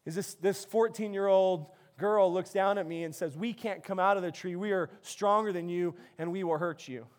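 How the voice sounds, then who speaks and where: A man preaching a sermon, telling a story with animated, restart-filled delivery. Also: high-pitched, normal speed. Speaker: pastor.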